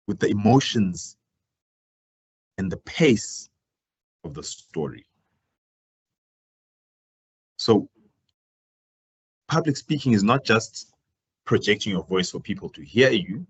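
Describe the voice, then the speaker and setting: Husky man teaching public speaking. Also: expressive, a little slow, pauses often. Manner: projecting louder than usual, swinging his pitch and volume up and down to demonstrate. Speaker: career talk presenter. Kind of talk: live workshop presentation.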